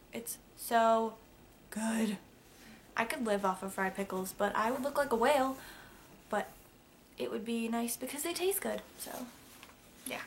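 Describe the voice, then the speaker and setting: Chatty young woman, slightly high voice. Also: fairly bright tone, slight background noise. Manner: chatty and rambling, many fillers and asides. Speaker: vlogger. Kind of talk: casual facts-about-me vlog.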